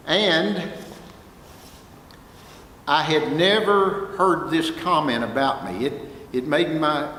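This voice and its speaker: An older man with a Texas accent telling folksy, animated career stories to students in a lecture hall. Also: mid-range voice. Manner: folksy, animated anecdotes with quoted dialogue. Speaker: guest speaker, music producer. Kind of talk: storytelling talk to students. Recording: echoey hall, faint room noise.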